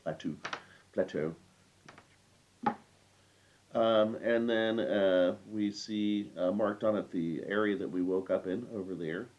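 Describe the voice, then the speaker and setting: A deep-voiced man talking through a video game walkthrough, relaxed and explanatory, pausing often with fillers. A faint hiss of noise sits under his voice. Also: dull audio. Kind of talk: casual let's-play commentary.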